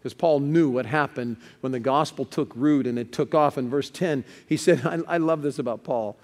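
A man's voice: mid-range voice, moderate pace, a little mellow, long reverb tail. A male pastor preaching a sermon, telling stories with building urgency.

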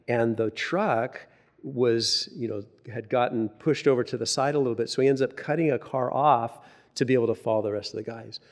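A male pastor preaching in a loose, chatty way, circling back on his words as he builds a story toward his point. His voice sits at a middle pitch for a man, neither deep nor high. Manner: conversational and animated, many restarts and filler words. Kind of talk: sermon with personal story.

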